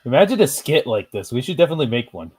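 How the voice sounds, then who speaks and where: A man's voice: mid-range voice, very animated, very fast, a little mellow, breathy edge. A man chatting casually with a friend while playing a game, laughing often and rambling loosely. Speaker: streamer. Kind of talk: casual gaming chat.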